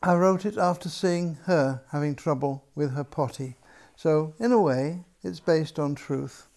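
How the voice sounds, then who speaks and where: An older man with a voice on the high side reads his own picture book aloud. He takes a gentle, unhurried storybook approach.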